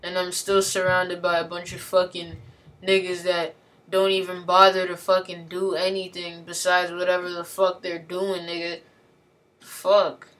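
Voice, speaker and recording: A woman's voice: lowish voice, monotone, measured pace, a bit bright. A woman in an angry, heavily profane rant, talking with slang and repeating herself as she vents. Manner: heated, profane, slangy, repetitive. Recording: voice from a distance.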